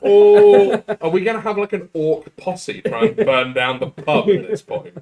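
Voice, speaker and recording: A man's voice: sits high, expressive, measured pace, narrow, tinny audio. A man joking and laughing his way through a tabletop game session. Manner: giggly, joking banter. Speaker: player. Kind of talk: tabletop role-play chat.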